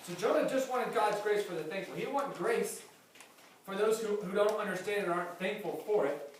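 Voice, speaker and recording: Male pastor, high voice, animated with humorous asides, heard from a distance in a very echoey hall. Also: a little fast. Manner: animated, acts out quotes with humor. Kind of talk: sermon. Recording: distant mic, very echoey hall, faint noise.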